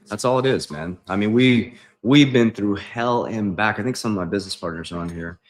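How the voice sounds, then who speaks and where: A man's voice: lowish voice, brisk. A man as a financial coach on a livestream, emphatic and preachy, repeating his points. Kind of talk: livestream talk.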